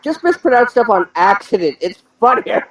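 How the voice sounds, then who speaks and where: High-voiced man with teasing asides. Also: sing-song, normal speed. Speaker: podcast co-host. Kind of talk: casual banter. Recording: dull lo-fi audio with faint noise.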